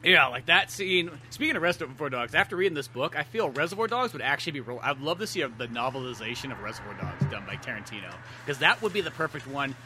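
A man co-hosting a podcast in casual chat, animated and acting out scenes in quoted voices. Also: mid-range voice, quick pace, hardly any pauses, slight background noise. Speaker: podcast co-host.

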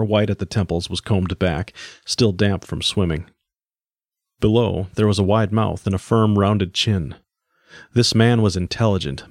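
Brief: male audiobook narrator, lowish voice, dry close recording. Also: darkish tone, no echo. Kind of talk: scripted narration.

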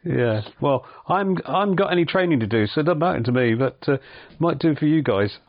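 A man hosting a local radio show, asking questions in a relaxed way and prompting with short "right"s. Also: a little high, a little fast, highs cut off. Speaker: radio host. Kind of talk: casual radio interview.

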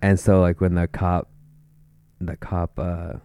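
A man's voice: sits low, flat delivery, slow pace, dark tone, clear, resonant tone, no room sound. A young man casually telling a rambling, profane story, full of fillers and restarts. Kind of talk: casual chat.

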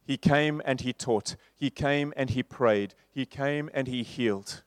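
A man preaching a sermon in a church, moving from loud repeated refrains to soft, slow passages. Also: medium pitch, dry recording, clean studio sound. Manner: rhetorical, building to loud repeated refrains then dropping soft.

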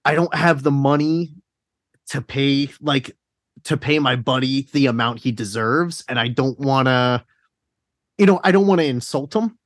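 A man's voice: mid-range voice, measured pace, dry recording, clean studio sound. A man hosting a casual podcast chat, rambling along, laughing often and swearing casually. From South Jersey. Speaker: podcast host.

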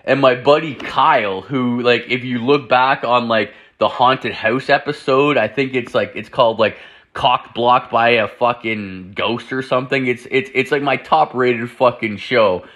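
A man's voice: medium pitch, measured pace, a bit bright. A young man hosting a show, telling a rambling, profane story in casual chat and acting out both sides of the dialogue. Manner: profane, rambling, quotes friends in dialogue with many fillers.

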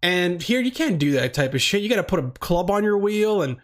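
A man's voice: high voice, sing-song, a little fast. A young man rambling through questions in a casual, profane monologue, often trailing off and restarting. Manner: rambling, profane, laid-back. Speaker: vlogger answering questions.

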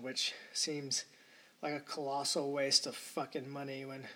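A man's voice: medium pitch, little pitch movement, a little slow, bright, forceful tone. A man hosting a podcast, delivering a rambling, indignant solo rant full of profanity. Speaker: podcast host. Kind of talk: ranting solo podcast monologue.

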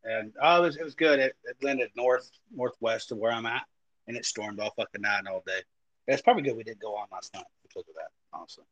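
A man in his thirties talks quickly in a husky voice. He co-hosts a casual podcast and swears bluntly and often. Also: medium pitch, a bit bright, lo-fi sound. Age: 30s. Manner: crude, blunt, heavy swearing. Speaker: podcast co-host. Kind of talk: casual chat.

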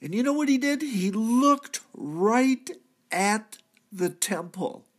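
A man's voice: high voice, expressive, takes it slowly, full character voice. A man playing a repentant thief from the crucifixion, telling his story earnestly in a church drama monologue. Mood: solemn. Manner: earnest storytelling, swelling to cries at key moments. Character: repentant male thief, crucified, now redeemed.

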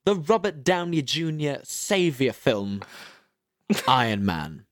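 A man hosting a podcast, animated and playful in casual chat. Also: mid-range voice, slow pace, no echo, studio quality. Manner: animated and playful, breaking into shouts. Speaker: podcast host.

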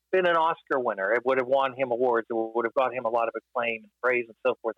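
A man talking through film history in a casual podcast discussion, thoughtful and measured, with many fillers. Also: medium pitch, no echo, muffled recording.

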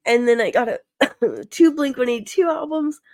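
A woman's voice: sits high, moderate pace, a little mellow, no echo, studio quality. A woman on a podcast, chatting shyly with frequent giggles. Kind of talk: casual podcast chat.

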